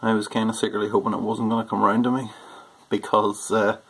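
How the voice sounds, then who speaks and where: A man with a Northern Irish accent chatting casually through an accent challenge on his vlog, self-deprecating and loud on stressed words. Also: fairly low pitch, flat delivery, fairly quick, slightly rough, poor audio. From Northern Ireland. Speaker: homebrewing YouTuber.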